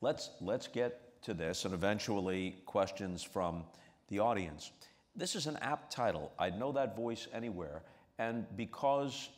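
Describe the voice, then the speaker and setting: A man interviewing a guest on stage, in a measured way with long framing questions. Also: fairly low pitch, animated. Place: stage before a live audience. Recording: reverberant hall.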